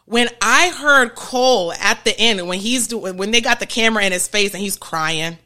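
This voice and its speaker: A woman hosting a podcast, explaining ideas in a chatty, animated way and often checking in with her listeners. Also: mid-range voice, moderate pace. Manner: chatty, keeps checking in with "okay?" and "right?"; animated, laughs between points. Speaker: podcast host. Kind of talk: casual explanatory podcast talk.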